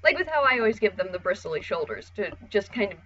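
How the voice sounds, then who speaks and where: Bright-voiced woman chatting while drawing. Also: mid-range voice, very animated, quick pace, highs cut off. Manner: chatty, casual, swears, acts out voices. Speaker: art tutorial host. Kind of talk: casual drawing tutorial.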